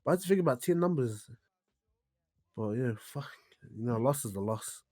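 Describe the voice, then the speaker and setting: A man's voice: mid-range voice, expressive, moderate pace, a little mellow. A young man with a New Zealand accent chatting as a podcast guest, laughing, swearing and playful. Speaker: guest musician. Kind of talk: casual podcast chat.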